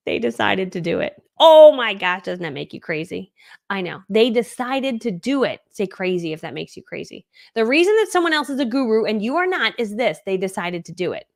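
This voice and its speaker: A middle-aged woman teaching an online course live, talking fast and animated in a chatty style full of "like" and quick asides. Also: medium pitch, gravelly, dry recording, clean studio sound.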